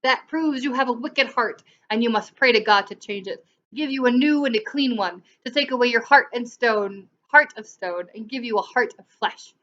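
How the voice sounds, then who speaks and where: A woman's voice: a little high, moderate pace, pushed and bright, muffled recording. A woman voicing a stern, pious middle-aged clergyman who lectures severely. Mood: stern lecturing.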